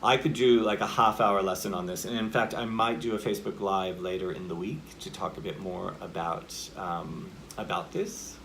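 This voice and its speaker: A man's voice: sits low, steady tone, normal speed, gravelly, few pauses, a bit bright. Male acting coach for a casual video lesson: chatty and informal, heavy on filler words, demonstrates line readings himself, with a faint hiss behind him. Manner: chatty, explains by acting out example lines; loose, with many "like" and "you know" fillers.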